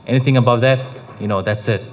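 A man gives a casual devotional talk, his delivery loose and rambling, tripping over restarts and leaning on filler phrases. His voice sits at an ordinary middle pitch. The recording sounds a little dull and lo-fi. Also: quick pace, a little hiss or hum. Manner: rambling, full of restarts and "you know".

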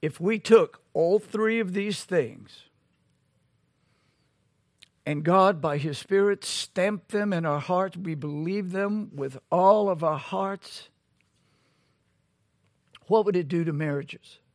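Brief: high-pitched male preacher, slow and deliberate, pressing rhetorical questions, dry close sound. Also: dry recording. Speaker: pastor. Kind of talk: sermon.

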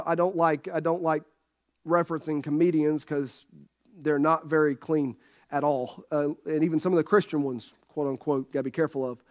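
High-voiced folksy preacher man. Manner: folksy, joking with congregation. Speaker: pastor. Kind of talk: sermon. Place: church sanctuary.

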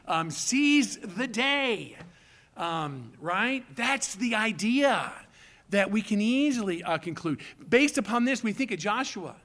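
A middle-aged pastor preaching a sermon, animated and explaining Hebrew words along the way. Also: male voice, high-pitched, slow pace.

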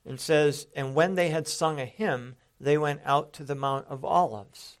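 A man's voice: on the high side, fairly even intonation, unhurried. A man teaching a Bible sermon, explaining passages step by step and stressing quoted lines with emphatic rises.

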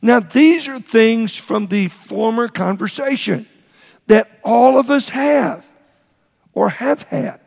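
A middle-aged man preaching a sermon in a church, halting and repeating words as he explains Greek terms. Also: extremely high pitch, a little mellow. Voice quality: gravelly. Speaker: pastor. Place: church sanctuary. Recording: long reverb in a large hall.

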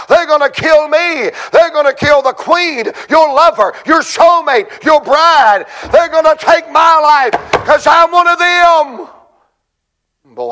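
A man preaching a sermon in church, telling a story with dramatic, shouted climaxes. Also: extremely high pitch.

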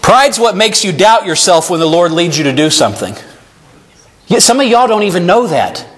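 A man's voice: sits high, sing-song, moderate pace, a bit bright, slightly rough. A male pastor preaching an earnest sermon to his church and reading scripture aloud. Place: church sanctuary.

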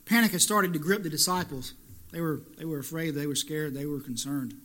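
Male pastor, high and bright, preaches with rising emphatic questions. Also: brisk. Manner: rising to emphatic peaks, repetitive rhetorical questions. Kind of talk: sermon.

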